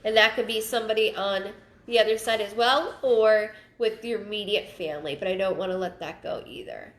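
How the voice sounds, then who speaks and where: A woman giving a live psychic reading, thinking aloud in halting, repeated phrases and sounding stuffed up. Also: mid-range voice, background noise. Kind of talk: livestream reading. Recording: roomy echo.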